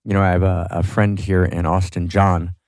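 A man's voice: sits low, level tone, normal speed, a little mellow, no echo. Fervent man with frequent "right?" tags. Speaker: podcast guest, philosopher. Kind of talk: passionate philosophical talk.

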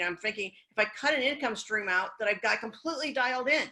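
A woman's voice: mid-range voice, expressive, quick pace, hardly any pauses, pushed and bright, poor audio. A middle-aged woman business coach speaking candidly and encouragingly in a casual chat, sharing personal stories. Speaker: business coach and event host.

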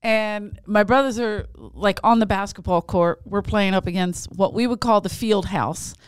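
A woman co-hosting a casual comedic podcast, telling stories with lots of laughter and squeaky quoted voices. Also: normal speed, clear, resonant tone, dry recording. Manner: animated storyteller, squeals quoted lines high, laughs often. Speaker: podcast co-host.

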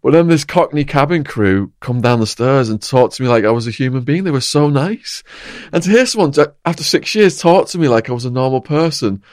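A man with a middle-pitched voice tells his own story in a plain, matter-of-fact way. The sound is close and dry, with no room around it. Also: lively intonation, fairly quick, no room sound. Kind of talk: casual conversation.

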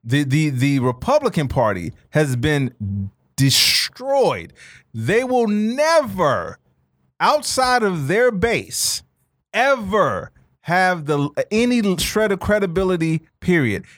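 Male podcast co-host, lively swooping voice, dry sound, preachy and profane. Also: sits high, slow pace, no echo. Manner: animated, preachy, swears, repeats points. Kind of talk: casual political chat.

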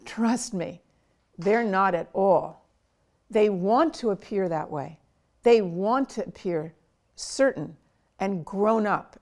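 A woman's voice: medium pitch, takes it slowly, pauses often, darkish tone. A woman psychiatrist in an interview, earnestly coaching parents step by step on how to talk with their child. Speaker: child and adolescent psychiatrist, guest. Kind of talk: advice in an interview.

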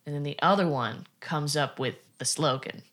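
A woman's voice: low-pitched, moderate pace. A woman co-hosting a podcast in casual chat, tossing out dry jokes. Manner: jokey, deadpan quips. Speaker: podcast co-host.

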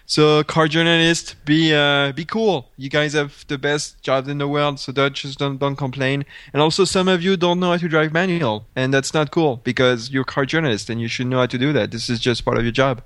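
A man's voice: a little high, normal speed, few pauses, no room sound. Chatty man telling a story, dry mic. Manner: animated storyteller with frequent fillers and laughs. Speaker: podcast co-host. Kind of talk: casual chat.

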